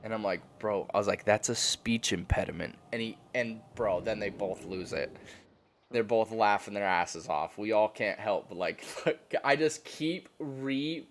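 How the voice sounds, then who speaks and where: A young man telling a story on a stream in a casual, animated, profane way, laughing often. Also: fairly low pitch, normal speed, slight background noise.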